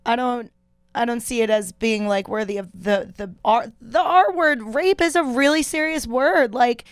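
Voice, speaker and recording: A woman with a fairly high, clear, smooth voice talks bluntly and swears freely, laughing easily as she chats. The sound is close and dry, as if from a studio mic. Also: normal speed, no room sound. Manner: blunt, profane, laughs often. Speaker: podcast guest. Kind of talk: casual comedic chat. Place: podcast studio.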